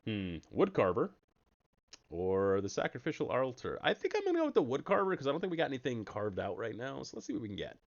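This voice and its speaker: A man giving casual, jokey commentary while streaming a card game, breaking into sudden high excited yelps. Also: quick pace, vocal fry, highs cut off.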